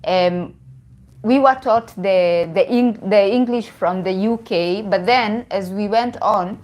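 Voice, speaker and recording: A woman's voice: mid-range voice, slow, darkish tone. A young woman with a Kenyan accent chatting casually on a live stream, laughing often and restarting her phrases. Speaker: vlogger.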